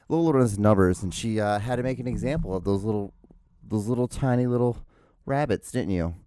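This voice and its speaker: A man's voice: lowish voice, animated, normal speed, dark tone, no room sound. A man hosting his own podcast from home, rambling casually with lots of stammered restarts and swearing. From outside the United States. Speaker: podcast host. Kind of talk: casual solo podcast rant. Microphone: podcast microphone.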